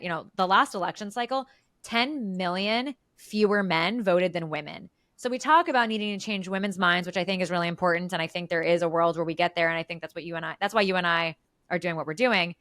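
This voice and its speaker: A woman's voice: fairly low pitch, brisk, a bit bright, no echo. A young adult woman co-hosting a casual political podcast, talking emphatically and restarting sentences as she builds her points. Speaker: podcast co-host.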